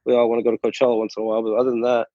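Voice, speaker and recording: A man's voice: medium pitch, little pitch movement, racing, dry recording. Comedian guy rambling and tripping over his words, cursing a lot, kinda muffled dry sound. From Saudi Arabia then the U.S. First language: Arabic. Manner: stammering, restarts, swears freely, laughs often. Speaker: stand-up comedian, guest. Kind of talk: casual interview chat. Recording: dull, lo-fi sound.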